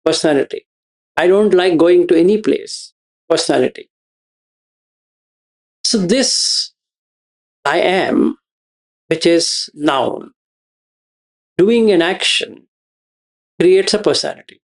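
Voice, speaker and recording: Male meditation teacher, gravelly, slow and patient explainer. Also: high voice. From India. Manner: slow, repetitive explaining with questions to listeners. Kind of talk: dharma talk to students.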